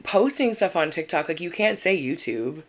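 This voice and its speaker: A woman's voice: on the low side, lively intonation, normal speed. A young woman co-hosting a podcast, talking in a casual, rambling way with lots of fillers and restarts. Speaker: podcast co-host. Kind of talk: casual chat.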